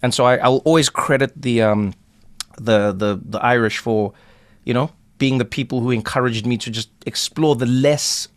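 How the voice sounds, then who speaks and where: A man hosting a casual podcast chat, a playful and animated storyteller who acts out the people he talks about. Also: mid-range voice, no echo. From South Africa. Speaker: podcast host.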